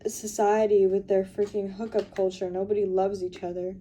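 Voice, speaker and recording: A young woman rambles through a casual confessional vlog, weary and full of fillers. Her voice is very mellow and dark, recorded on a phone camera with faint noise underneath. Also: mid-range voice, flat delivery, normal speed. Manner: sorting through makeup and purse while talking. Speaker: vlogger.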